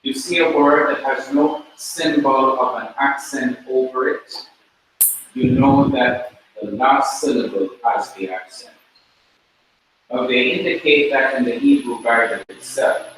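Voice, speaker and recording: Slow, drilling teacher in an echoey classroom. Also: male voice, medium pitch, fairly bright tone. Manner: slow, repeats words for drilling. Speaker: Hebrew teacher. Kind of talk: classroom lecture. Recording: very echoey room, mic far off, faint noise.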